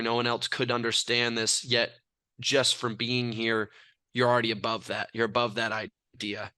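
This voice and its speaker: A young man from California talks with brash self-assurance, spinning stories in a casual interview. His voice is bright, crisp and dry. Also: mid-range voice, no echo. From California, USA. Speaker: athlete guest.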